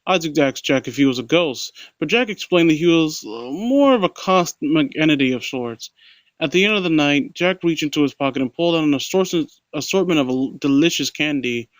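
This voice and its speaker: A man reads a horror story aloud at a close home mic, stumbling, restarting often, and mocking it with sarcastic critical asides. His voice is fairly high-pitched and animated, his pace brisk, with no room sound.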